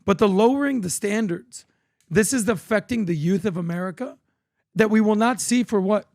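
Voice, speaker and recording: A man's voice: high-pitched, normal speed, gravelly, darkish tone, dry recording, studio quality. A man in his thirties, from Florida, co-hosting a podcast and telling stories with energy, acting out the people he quotes. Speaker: podcast co-host. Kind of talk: animated storytelling chat.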